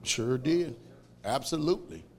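A man preaching a fiery sermon, shouting and laughing as he tells stories. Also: mid-range voice, measured pace. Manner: loud, shouting, laughing, animated storytelling.

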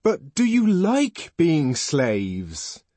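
A man voicing an enraged young male outsider who shouts impassioned demands for freedom in an audiobook reading. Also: fairly high pitch, huge pitch swings, very slow, dry recording, voice pushed up, full character voice. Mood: indignant.

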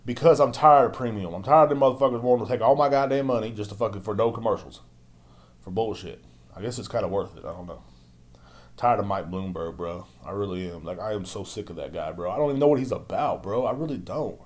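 A man's voice: lowish voice, quick pace. A young man hosting a podcast at home, ranting in a crude, exasperated way and swearing constantly. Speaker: podcast host. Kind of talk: profane ranting monologue. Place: at home, drinking beer.

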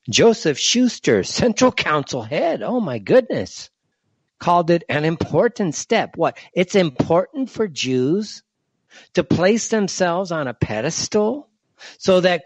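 A man hosts a solo commentary show and rants indignantly, firing off one rhetorical question after another. His voice sits fairly high and swings a lot in pitch. The recording is dry and dull, with a lo-fi sound. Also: no room sound. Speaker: show host.

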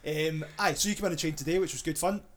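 A man's voice: a little high, fast. A man hosting a casual podcast chat, teasing his guest, swearing freely and chuckling often. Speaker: podcast host.

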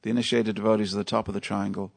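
Talking very fast in a lowish, creaky voice with little pitch movement, the man teaches a devotional class at a temple. He tells stories conversationally and invites his listeners to answer questions.

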